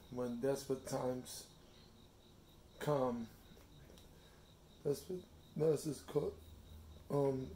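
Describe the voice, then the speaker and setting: Gravelly-voiced man, flat halting delivery. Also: medium pitch, a little hiss or hum. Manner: slow, halting reading with restarts; fond, soft talk to his cat. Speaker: vlogger reading a devotional. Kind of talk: casual home vlog with devotional reading. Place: at home.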